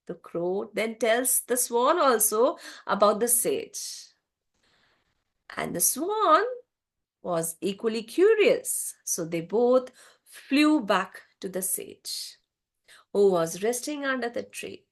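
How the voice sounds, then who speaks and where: Expressive, high-voiced woman storyteller. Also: takes it slowly. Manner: expressive, sing-song narration. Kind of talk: oral storytelling of a fable.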